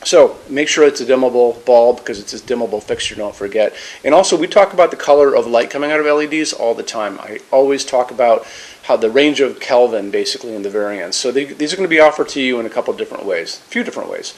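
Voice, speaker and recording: A man's voice: medium pitch, quick pace. A man from the United States presenting a lamp in a casual, enthusiastic way, with many fillers and restarts. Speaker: lighting store presenter. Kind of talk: product demonstration.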